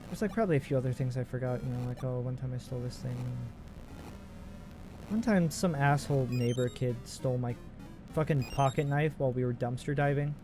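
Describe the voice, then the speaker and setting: A man's voice: mid-range voice, fairly quick, over music. A man in his twenties giving casual, profane, rambling commentary while playing a video game. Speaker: let's play host.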